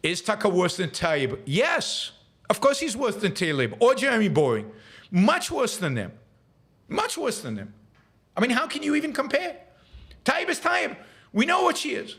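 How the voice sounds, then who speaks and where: A man's voice: very high-pitched, huge pitch swings, moderate pace, a bit bright. A man hosting a live show, ranting emphatically and heatedly about public figures. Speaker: podcast host.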